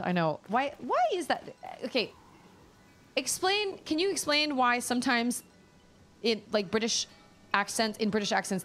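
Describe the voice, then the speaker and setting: A young woman streaming a video game, chatting casually and thinking out loud as she plays. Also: mid-range voice. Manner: chatty, musing aloud, reading chat. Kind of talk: casual gameplay commentary.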